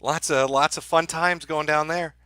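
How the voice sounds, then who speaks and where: A man's voice: on the high side, steady tone, moderate pace, no echo, studio quality. A man hosting a livestream, giving profane, darkly joking commentary to his chat. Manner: sardonic, profane, dark-humored. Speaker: livestream host.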